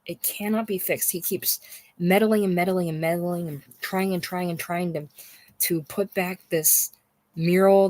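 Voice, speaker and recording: A person rambling about a novel in an unscripted monologue, halting and repeating words, circling back to a point and swearing for emphasis. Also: mid-range voice, no room sound. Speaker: book discussion host.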